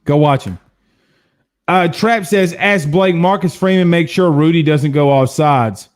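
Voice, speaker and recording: A man in his thirties from Louisiana hosting a casual sports stream, reading viewer comments and telling stories in a blunt, animated way. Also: fairly high pitch, unhurried. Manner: animated storyteller, hums drum beats, blunt. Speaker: sports show host.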